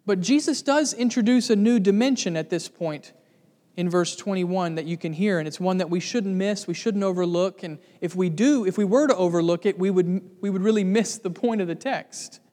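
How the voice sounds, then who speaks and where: Male pastor, high voice, earnest sermon delivery that builds to emphatic repetition, long reverb. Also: moderate pace, dark tone.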